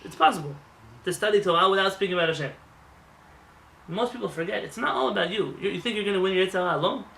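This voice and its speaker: A man rabbi giving a lively, joking sermon in a synagogue, acting out voices as he talks. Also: high voice, rapid-fire, gravelly, distant mic, slight background noise. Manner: animated, acts out voices, jokes with the congregation. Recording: roomy hall with faint ambience.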